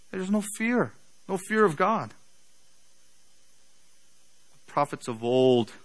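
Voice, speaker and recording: A man preaching a sermon, building to loud emphatic peaks and trailing off quietly at the ends of phrases. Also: medium pitch, poor audio.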